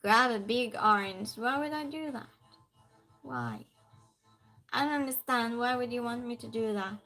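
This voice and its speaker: A woman with a high, light voice speaks at a slow, easy pace. She hosts a casual live-stream game night, chatting, laughing often and greeting each viewer by name. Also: pushed and bright, faint music behind. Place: at home by a desk lamp.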